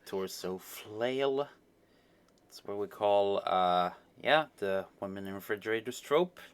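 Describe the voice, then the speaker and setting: A man reading a webcomic aloud on a live stream, chatting in a relaxed way between lines. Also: lowish voice, takes it slowly, smooth.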